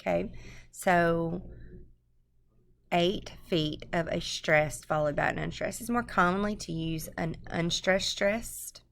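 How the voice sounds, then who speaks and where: Woman presenter, screencast lesson, deep unhurried voice, halting explanations. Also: gravelly, fairly bright tone. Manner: halting, explanatory, many um fillers. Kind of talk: screencast lecture.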